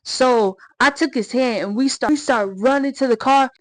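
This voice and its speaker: A woman chatting through a story time vlog in a slangy, excitable way. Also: high-pitched, moderate pace, dry recording, low-quality recording.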